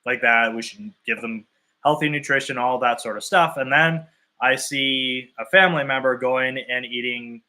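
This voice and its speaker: Male coach for a live session: bright, forceful voice, casual and talky, builds his points from drawn-out hypothetical examples. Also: medium pitch. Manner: loose and conversational, thinking aloud. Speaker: fitness and nutrition coach. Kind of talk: live talk to clients.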